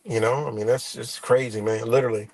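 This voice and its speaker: A man's voice: medium pitch, steady tone, a little fast, darkish tone. A man ranting on his live stream, swearing a lot, exasperated and rambling, and mocking people in quoted voices. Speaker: livestream host.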